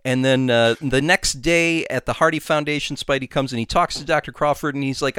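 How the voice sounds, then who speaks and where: A man co-hosting a podcast, rushing through a plot recap with many fillers and restarts and quick character voices. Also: mid-range voice, fairly bright tone, clear, resonant tone, no echo, studio quality. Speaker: podcast co-host. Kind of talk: casual podcast chat, rushed plot recap.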